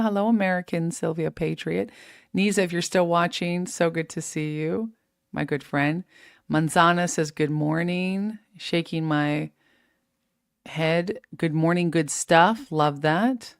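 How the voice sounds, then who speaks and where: A woman hosting a live fitness stream, giving energetic, preachy, faith-based motivation and reading out viewer comments. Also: on the low side, a little slow, clear, resonant tone, dry recording, studio quality. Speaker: host of a live fitness show.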